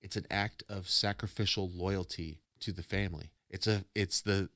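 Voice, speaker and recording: A man's voice: low-pitched, fairly even intonation, normal speed, fairly bright tone, dry recording, clean studio sound. A man hosting a casual reaction stream, rambling and preachy as he philosophizes about love and faith. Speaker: streamer host.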